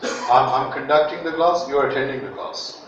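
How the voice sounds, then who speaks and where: A man's voice: medium pitch, normal speed, fairly bright tone, slight background noise. A Bangladeshi man, a native Bengali speaker, teaching English pronunciation in a classroom, saying words for students to repeat and joking as he goes. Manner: drills words for students to repeat, jokes and chuckles. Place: large classroom. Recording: very echoey, distant, muffled room recording.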